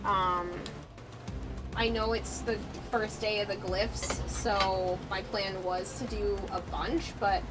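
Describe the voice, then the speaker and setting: A woman's voice: mid-range voice, steady tone, slow, rough recording. Chatty woman with a Boston accent, music behind. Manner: rambling, chatty, frequent "like" and "um", swears casually. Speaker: streamer. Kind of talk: casual livestream chat while crafting. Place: home room with an air conditioner.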